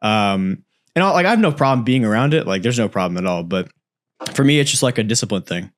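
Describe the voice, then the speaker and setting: A young man talks as a guest in a casual podcast chat, with a fairly low voice. He is earnest and easygoing and laughs often. His voice sounds dry and close. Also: animated, fast talker, no room sound. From United States, Italian family. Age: young adult.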